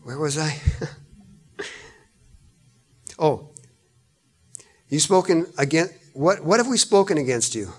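A man's voice: a little high, lively intonation, moderate pace. A man preaching a sermon, reading scripture and explaining it with repetition and rising emphasis. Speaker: pastor.

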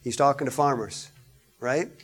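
A man's voice: medium pitch, normal speed, slightly rough, faint music behind. A man preaching a sermon, reading scripture and explaining it with repetition and rising emphasis. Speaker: pastor.

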